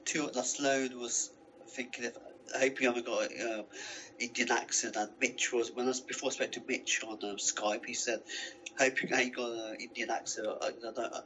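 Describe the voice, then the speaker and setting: A man's voice: medium pitch, fairly even intonation, normal speed, pushed and bright, highs cut off, a little hiss or hum. A man with a Coventry accent, chatting casually as a guest on a video call and often asking "you know what I mean". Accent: English Midlands, Coventry. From England. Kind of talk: casual chat.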